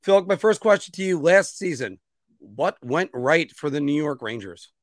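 A man's voice: fairly high pitch, expressive, normal speed, dry recording, clean studio sound. A man hosting a casual sports podcast, chatty and promotional with frequent fillers. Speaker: podcast host.

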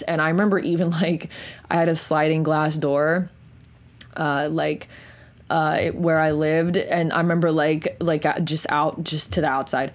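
Young woman with a low voice, rambling, profane first-person storyteller who drops to a hush at the heavy moments. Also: steady tone. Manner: profane, rambling, many "like" fillers; slows and drops to near whisper on intense moments. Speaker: podcast host.

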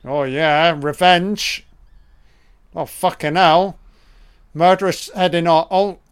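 A man with a slightly high, crisp, clear voice talks slowly through a film commentary. He swears freely and reacts with excitement to the scenes.

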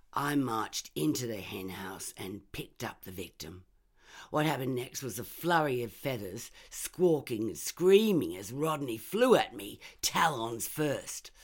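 A woman reading a first-person short story aloud in a measured, expressive way. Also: rumbling low, slightly rough.

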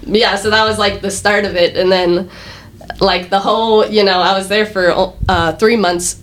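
A woman's voice: medium pitch, fairly even intonation, moderate pace. A young woman, a chef and podcast guest, telling stories in a chatty way with lots of fillers and laughter. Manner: chatty storytelling, frequent "like" and laughter. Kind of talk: casual interview chat.

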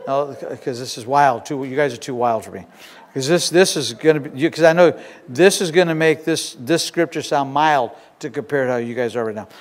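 A man preaching a sermon as pastor, telling a story in an animated way that swings between loud and hushed. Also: mid-range voice, a little fast. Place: church sanctuary. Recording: long church reverb. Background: congregation shouting.

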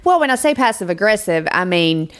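A woman's voice: lowish voice, sing-song, brisk. A woman co-hosting a podcast in casual chat, reflective and searching for the right words as she explains her point. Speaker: podcast co-host.

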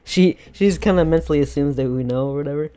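A man's voice: a little high, fast talker, dark tone, clean tone. A man co-hosting a podcast, chatting casually and retelling stories playfully with frequent laughter. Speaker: podcast co-host. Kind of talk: casual chat.

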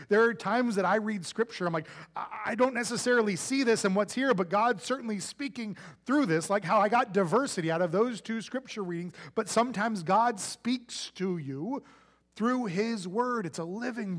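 High-voiced playful male pastor. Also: big-room sound. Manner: conversational, playful, acts out quoted voices. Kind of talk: sermon.

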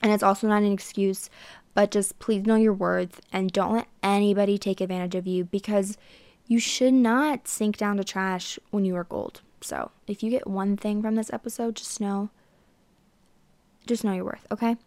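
A woman's voice: medium pitch, fairly even intonation, moderate pace, darkish tone, no room sound. A woman in her twenties hosting a podcast, chatting casually and sarcastically and talking straight to her listeners. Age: 20s. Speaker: podcast host. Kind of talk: casual chat monologue.

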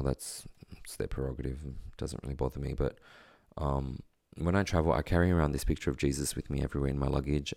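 Very deep, gravelly man telling a story. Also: no echo, clean studio sound. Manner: quiet, halting, reflective delivery with pauses and fillers. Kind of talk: personal storytelling.

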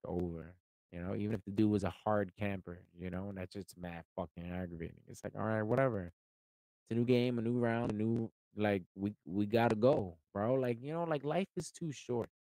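A man hosting a podcast, talking casually in an animated, profane, rambling way with many fillers. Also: fairly low pitch, creaky, no room sound, low-quality recording. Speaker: podcast host.

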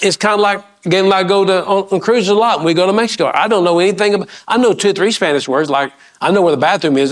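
High-voiced man preaching a sermon. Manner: preaching with rising emphasis, questions to the congregation; folksy asides and repetitions. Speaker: pastor.

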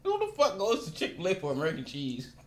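A man in casual group chat, blunt and profane, ranting with quick jokes. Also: a little high, wildly swooping pitch.

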